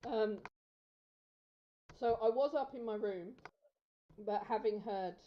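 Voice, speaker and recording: Giggly woman player, lo-fi. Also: medium pitch. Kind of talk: playing a tabletop game. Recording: dull lo-fi sound.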